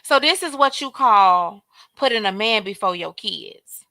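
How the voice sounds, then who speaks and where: A woman's voice: mid-range voice, expressive, measured pace, vocal fry, sharp tone, no room sound. A woman hosting a casual livestream commentary, talking straight to her viewers and calling out chat names. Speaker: livestream host.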